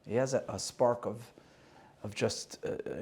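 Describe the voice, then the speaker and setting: A man's voice: medium pitch, steady tone, normal speed, a little mellow. A man hosting a conversation, telling a personal story with emotion and acting out the quoted dialogue. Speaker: host and singer.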